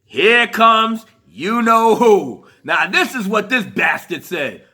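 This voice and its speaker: A man delivering a heated, profane rant. His voice sits high and bright with a husky edge, and his pitch swings widely as he laughs through his complaints. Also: sing-song, takes it slowly. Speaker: commentary vlogger. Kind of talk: profane ranting commentary.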